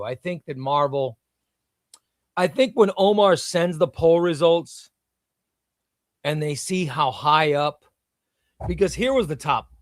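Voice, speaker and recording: Guy running a comics livestream, kinda high voice, dry close mic, just chatting. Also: no room sound. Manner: chatty, reads viewer comments aloud; hypes sponsor in a shouted ad read. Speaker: livestream host. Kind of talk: casual livestream chat.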